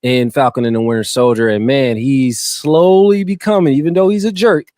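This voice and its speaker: A man of medium pitch and moderate pace chats about a film as a podcast host, his studio-quality recording free of echo. The talk is loose and casual, heavy on slang, with frequent stumbles over names.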